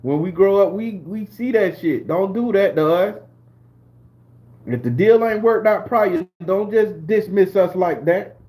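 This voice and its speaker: Speaking a little slowly with lively intonation, this high-voiced channel host shares personal stories and chats with his viewers on a live stream. He's in his forties, from southern Florida, and he laughs loudly and curses freely.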